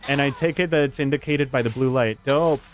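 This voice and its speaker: A man's voice: mid-range voice, a little fast, slight background noise. A man streaming a horror game, chatting casually with viewers, swearing and laughing often and jumping into silly voices. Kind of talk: casual gaming stream chat.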